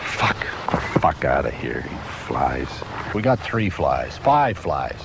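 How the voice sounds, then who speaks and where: A man's voice: extremely low pitch, big pitch swings, slow, creaky, background noise. A man reading an industrial film script who keeps forgetting his lines and breaks into angry, profane outbursts at the crew. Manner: profane, exasperated, cursing outbursts. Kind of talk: outtakes from a film shoot, script reading and swearing. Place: hot film set with bright lights.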